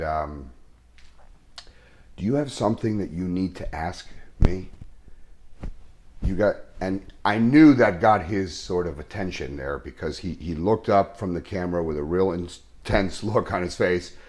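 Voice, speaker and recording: A man, an actor, telling an earnest and halting story in an interview, full of restarts. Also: sits low.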